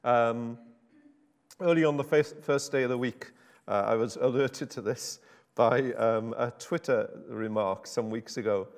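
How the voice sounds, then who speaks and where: A man's voice: mid-range voice, a little slow. A man preaching an informal sermon in a chatty, wry, self-interrupting way. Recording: hall reverb.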